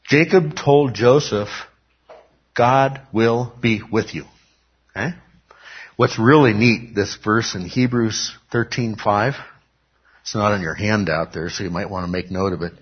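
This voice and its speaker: A man's voice: on the low side, husky. A man teaching a Bible lesson in sermon style, emphatic, asking questions and answering them himself. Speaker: pastor teaching a Bible class. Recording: dull lo-fi recording.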